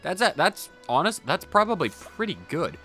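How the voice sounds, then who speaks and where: A man's voice: high-pitched, sing-song, moderate pace, sharp tone, faint music behind. A man hosting a video game playthrough with casual, jokey, rambling commentary. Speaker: gaming channel host.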